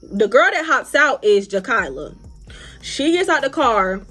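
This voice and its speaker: A young woman tells a storytime tale in a casual, foul-mouthed way. Her voice sits high and swings widely in pitch. She acts out bits of what others said along the way. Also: measured pace, soft background music. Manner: animated, profane, acts out other people's lines. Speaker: vlogger. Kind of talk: storytime vlog.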